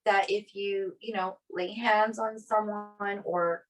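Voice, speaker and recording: Soft music plays behind a woman whose mid-range voice moves slowly. A podcast co-host from an Italian family, she chats casually about a personal experience, animatedly voicing the people she quotes and relying heavily on "like."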